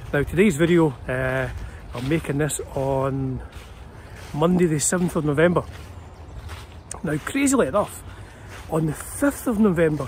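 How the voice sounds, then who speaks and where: A man's voice: on the high side, a little hiss or hum. A man in his fifties with a Scottish accent, hosting his guitar channel in a chatty, meandering way with many fillers. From Scotland. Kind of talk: casual rambling vlog talk. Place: small city park outdoors.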